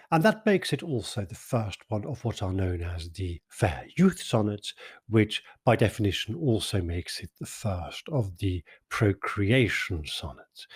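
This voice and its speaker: Low husky-voiced man explaining poetry. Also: a little mellow. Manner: measured, precise, lecturing. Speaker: poetry podcast host. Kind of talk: explanatory commentary on verse.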